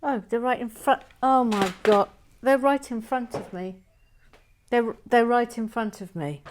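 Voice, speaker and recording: A woman's voice: on the high side, measured pace, a little hiss or hum. Chatty woman whispering as she builds. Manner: chatty, self-mocking, drops into soft whispers. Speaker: Lego building vlogger. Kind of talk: casual chat while building, reading viewer comments.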